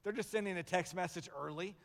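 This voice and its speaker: Speaking high, fast and gravelly, this male pastor delivers a sermon full of lively stories, voicing each character himself. Long hall reverb fills the church sanctuary recording.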